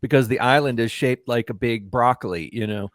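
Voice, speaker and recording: A man's voice: medium pitch, brisk. A man reviewing anime in casual podcast chat, rambling with lots of fillers. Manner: rambling, many fillers and restarts.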